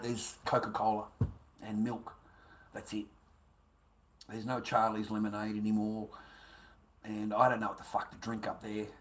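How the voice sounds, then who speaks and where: An Australian man rambling on a livestream, swearing often and swinging between loud rants and muttered whispers. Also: medium pitch.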